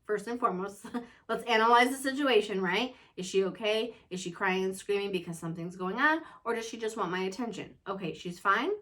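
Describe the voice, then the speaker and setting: An earnest woman in casual, reflective conversation, sharing her thoughts on motherhood. She talks in a loose, unscripted way, sometimes quiet and sometimes lively, and keeps checking in with the listener. Her pitch sits in an ordinary middle range. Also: brisk. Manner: conversational, earnest, self-reflective, leans on "you know". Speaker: mother and show host.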